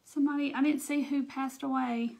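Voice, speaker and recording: A woman's voice: high voice, steady tone, a little fast, creaky, a little mellow. A middle-aged woman with a thick Southern accent, chatting casually on a craft livestream and answering viewers' comments as she works. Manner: chatty, reads out and thanks viewers' comments while working. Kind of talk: casual live crafting chat.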